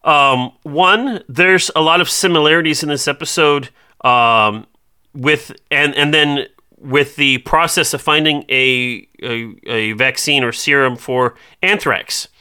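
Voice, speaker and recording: A man co-hosting a relaxed podcast conversation, his voice strikingly bright and forceful. He reads trivia from his notes and stumbles over fillers as he goes. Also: on the high side, unhurried, clean tone. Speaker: podcast co-host. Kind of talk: casual podcast chat.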